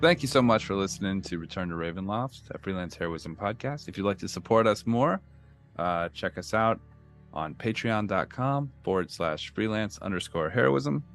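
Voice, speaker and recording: A man's voice: lowish voice, animated, moderate pace, fairly bright tone, soft background music. A man, host of a tabletop game podcast, reading the outro and joking around in an easygoing way. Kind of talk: casual chat and show outro.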